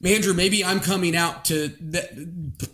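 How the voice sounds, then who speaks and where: A man's voice: high voice, fairly even intonation, slow, fairly bright tone. A man from Oklahoma co-hosting a podcast, playful and rambling in casual chat. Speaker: podcast co-host.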